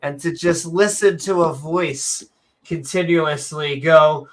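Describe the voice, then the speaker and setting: Co-host, woman; bright tone, slow delivery, playful rambling banter. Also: low-pitched, a little hiss or hum. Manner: joking, rambling, chuckling asides. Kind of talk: casual livestream chat.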